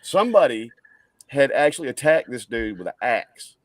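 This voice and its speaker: A man's voice: mid-range voice, sing-song, moderate pace, dry recording. A man co-hosting a casual podcast, telling a story in a loose, profane way. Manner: laid-back, profane, laughs often. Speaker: podcast co-host.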